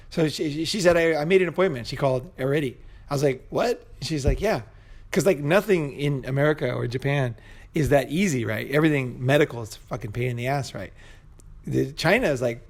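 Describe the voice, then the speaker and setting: A vlogger in Bangkok with a gravelly, mid-pitched voice speaks directly to the camera in a loose, profanity-laced casual storytelling monologue. He rambles, starts over, and fills nearly every thought with "you know" and "right?"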